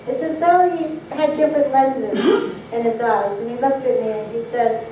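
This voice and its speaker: A woman giving a public address, telling stories in an earnest, measured way, recorded from far off in an echoey hall. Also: sits high, fairly even intonation, dark tone, slight background noise. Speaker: speaker. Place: banquet hall.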